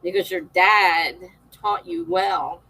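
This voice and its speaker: A woman's voice: fairly low pitch, fairly even intonation, slow pace, sharp tone, rough recording. A middle-aged woman hosting a live stream, chatting casually with viewers, laughing often and reading out their comments.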